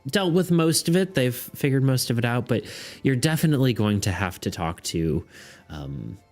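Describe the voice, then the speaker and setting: A man voicing a gentle, motherly female demon healer who speaks softly and soothingly. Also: mid-range voice, sing-song, moderate pace, soft background music, close to an everyday voice. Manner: soft, soothing, calls listener sweetie.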